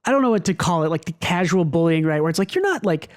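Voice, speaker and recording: A man co-hosting a manga podcast, talking in a rambling, animated way with many restarts. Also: on the high side, fast. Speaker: podcast co-host. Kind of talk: casual podcast discussion.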